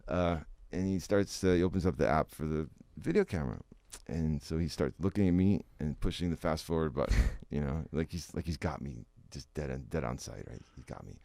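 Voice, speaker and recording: Gravelly low-voiced man telling a story. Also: brisk, few pauses, no room sound. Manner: animated storyteller, acts out quotes, laughs often. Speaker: interview guest. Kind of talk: casual storytelling.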